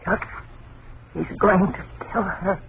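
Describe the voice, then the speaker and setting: A frightened mother, speaking anxiously in a mid-range voice. The old radio sound is thin and phone-like, with a clear hiss underneath. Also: mid-range voice, fairly even intonation, slow. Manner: tense, anxious. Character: frightened mother watching ghostly scene. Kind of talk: 1940s radio acting.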